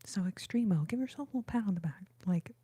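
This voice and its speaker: A young woman hosting a live ASMR stream, chatting in a soft whisper and giggling often. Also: medium pitch, animated, quick pace, breathy edge. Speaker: ASMR livestream host.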